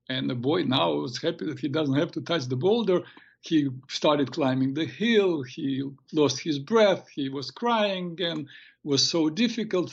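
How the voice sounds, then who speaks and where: A man hosting a radio show, giving earnest, halting health advice and telling a tale. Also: a little high, gravelly, husky, muffled recording. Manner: hesitant, many restarts, earnest. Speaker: radio show host and therapist. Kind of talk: advice talk and storytelling.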